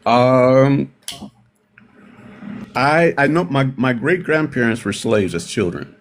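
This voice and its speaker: A middle-aged man from Milwaukee tells personal stories on a discussion panel, unhurried and reflective, often pausing to restart his sentences. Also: medium pitch, a little hiss or hum. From Milwaukee, United States. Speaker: panel participant.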